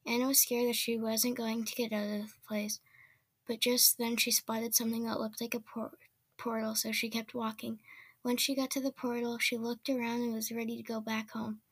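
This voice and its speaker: A woman's voice: on the high side, level tone, normal speed, dry recording. A woman reading a children's story aloud in a plain way, with small slips and restarts. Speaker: reader.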